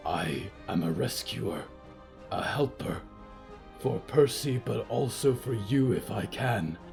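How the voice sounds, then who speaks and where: Man voicing a soft-spoken, solemn stitched being. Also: lowish voice, lively intonation, takes it slowly, gravelly, faint music behind, heavily acted. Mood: soft, earnest. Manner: soft, quiet, formal speech without contractions.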